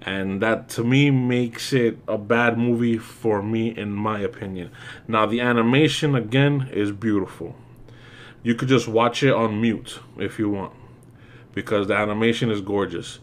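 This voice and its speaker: A man's voice: lowish voice, a little slow. Exasperated man ranting in a review. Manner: ranting, exasperated, lots of fillers and swearing. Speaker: movie reviewer. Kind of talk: casual spoken movie review.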